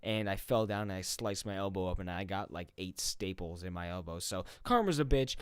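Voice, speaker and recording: A man's voice: deep voice, expressive, a little fast, clear, resonant tone, dry recording. A man in his twenties telling a story to his viewers in a casual, profane, laid-back way. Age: 20s. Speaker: gaming YouTuber.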